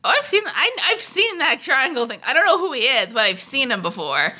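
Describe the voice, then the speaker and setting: A woman's voice: high voice, big pitch swings, fairly quick, pushed and bright. A young woman co-hosting a casual reaction show, upbeat and teasing, who says "like" all the time. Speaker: co-host of a show reacting to cartoon episodes. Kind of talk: casual chat.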